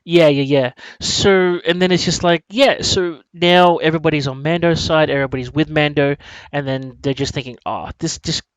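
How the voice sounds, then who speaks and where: A man co-hosting a casual chat, rambling and animated, with many restarts and some swearing. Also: fairly high pitch, normal speed, clear, resonant tone, no echo, poor audio. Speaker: podcast co-host.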